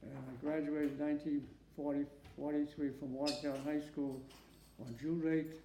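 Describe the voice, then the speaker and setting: A man in his nineties from Massachusetts, a war veteran giving an oral history interview at home, who speaks haltingly, repeats words and often asks for questions again. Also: a little high, level tone, mellow, slight background noise. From Massachusetts, USA. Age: 90s. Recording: echoey room.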